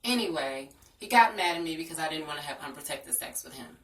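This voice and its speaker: A woman's voice: deep voice, animated, a little fast, a bit bright. A young woman telling a personal story in a frank, earnest storytime vlog. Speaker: vlogger. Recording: echoey room, distant from the mic.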